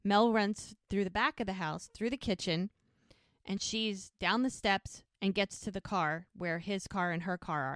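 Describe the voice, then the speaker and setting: A woman co-hosting a podcast, casually retelling scenes of a TV episode in an animated way and acting out the characters' lines. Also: mid-range voice, measured pace, dry recording, clean studio sound. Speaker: podcast co-host recapping a TV show. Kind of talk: casual recap storytelling.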